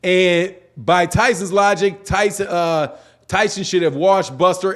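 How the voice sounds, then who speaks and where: Slangy high-voiced man chatting on a stream. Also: steady tone, measured pace, fairly bright tone. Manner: reads chat comments aloud, slangy and rambling. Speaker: boxing channel host. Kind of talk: casual livestream chat.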